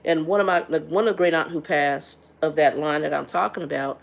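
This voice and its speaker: A woman's voice: low voice, fairly even intonation, fairly quick, gravelly. A middle-aged woman hosting a casual livestream chat, frank and blunt, often stumbling and repeating words as she talks. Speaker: livestream host.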